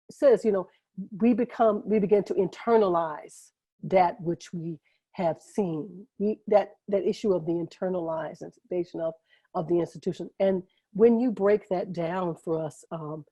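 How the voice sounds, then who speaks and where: Woman, warm dark voice, lowish pitch, enthusiastic rambling questions, dry video call sound. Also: slightly rough, no echo. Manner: enthusiastic, rambling, self-interrupting. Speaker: host and moderator. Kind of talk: conversational interview question.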